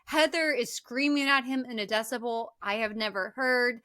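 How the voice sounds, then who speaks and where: Bright, lively woman co-host. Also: fairly high pitch, moderate pace. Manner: animated, profane retelling. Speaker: podcast co-host. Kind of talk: casual movie recap chat.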